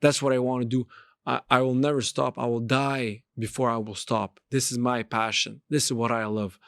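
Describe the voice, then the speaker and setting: A man's voice: mid-range voice, level tone, moderate pace, creaky, a bit bright, clear, resonant tone, no echo, clean studio sound. A man hosting a podcast, giving an emphatic motivational monologue and repeating his phrases for effect. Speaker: podcast host and street pastor.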